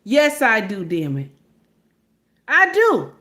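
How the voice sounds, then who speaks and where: Woman, preachy commentary, emphatic, keeps saying okay, slightly high voice. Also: huge pitch swings, slow, sharp tone. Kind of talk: casual commentary to camera.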